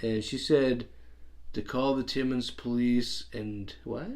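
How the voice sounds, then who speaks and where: A man's voice: medium pitch, fairly even intonation, takes it slowly, darkish tone. A Canadian man with an everyday mid-range voice tells a neighbour story in casual chat. He is blunt, swears freely and laughs often. His accent is Canadian English. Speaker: channel host.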